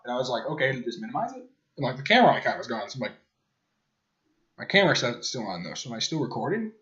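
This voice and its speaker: A young man with a drawl chats loosely, cursing freely and dropping deadpan jokes. The sound is dull and lo-fi, like a webcam mic. His pitch sits in an ordinary middle range. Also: rapid-fire. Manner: rambling, profane, deadpan jokes. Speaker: podcast host. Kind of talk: casual chat.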